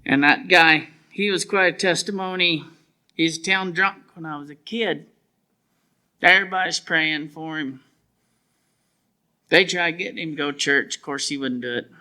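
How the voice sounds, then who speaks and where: A man's voice: fairly high pitch, moderate pace, pauses often, sharp tone. A man, telling his testimony at a church revival in a plainspoken, folksy storytelling way. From southwestern United States. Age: 50s. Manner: plainspoken storyteller with rural grammar. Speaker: preacher giving testimony.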